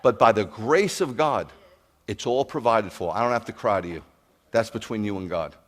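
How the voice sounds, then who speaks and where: A man preaching to his congregation, animated, telling stories and asking the crowd questions. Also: on the low side, moderate pace. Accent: New York. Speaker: pastor. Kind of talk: sermon to a congregation.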